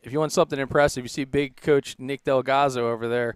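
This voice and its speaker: A man on a live baseball broadcast joking with his partners and reading sponsor plugs in a quick, salesy way. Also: mid-range voice, steady tone, clear, resonant tone, dry recording, clean studio sound. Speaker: sideline host reading sponsor spots.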